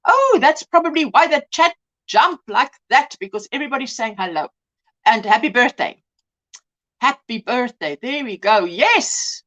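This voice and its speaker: A woman's voice: on the high side, animated, normal speed, fairly bright tone, muffled recording. A woman hosting a casual crochet livestream, chatting, exclaiming over projects and greeting viewers by name. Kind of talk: casual live-stream chat.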